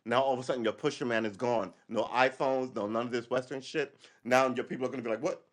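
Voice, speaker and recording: A man's voice: medium pitch, fairly even intonation, quick pace, slight background noise. A man hosting a livestream, delivering a rambling, sarcastic political monologue with frequent profanity. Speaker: livestream host.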